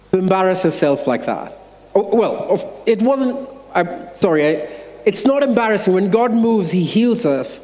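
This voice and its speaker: A man, an associate pastor, preaching by telling an animated, self-mocking story to his congregation. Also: high voice. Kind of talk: sermon storytelling. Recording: long church-hall reverb.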